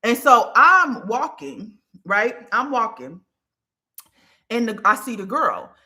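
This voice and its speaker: A woman hosting a podcast, telling a personal story in a candid, profane, animated way. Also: on the high side, takes it slowly. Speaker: podcast host. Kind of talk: casual storytelling monologue.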